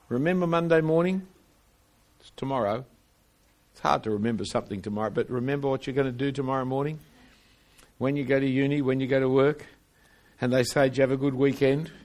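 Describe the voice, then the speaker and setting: An older man preaching a sermon, emphatic, asking rhetorical questions and swinging widely in pitch and loudness.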